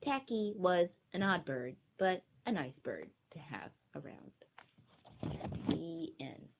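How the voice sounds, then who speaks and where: A woman reading a children's picture book aloud in an expressive way. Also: lowish voice, takes it slowly. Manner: expressive, sweeping storybook reading. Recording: tinny phone-like sound.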